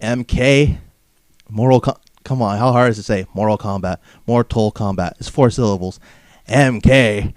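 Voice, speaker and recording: A man's voice: fairly low pitch, brisk, few pauses, a little mellow, no echo, studio quality. A man from Southern California hosting a comedic wrestling podcast, brash and mocking, padding his rants with filler phrases. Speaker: podcast host.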